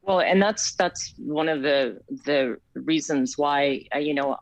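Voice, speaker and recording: A woman's voice: deep voice, slow, no echo, poor audio. A woman guest on a video call, talking about community support and often stopping to restart her phrases. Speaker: author and community plan co-chair, guest. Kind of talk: remote interview over video call.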